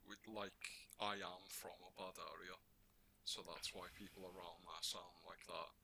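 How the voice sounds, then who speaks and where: A man's voice: deep voice, flat delivery, moderate pace, creaky, bright, forceful tone, slight background noise, low-quality recording. A man from Liverpool with a light Scouse accent, co-hosting a casual podcast chat and explaining things plainly. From Liverpool, England. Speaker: podcast co-host.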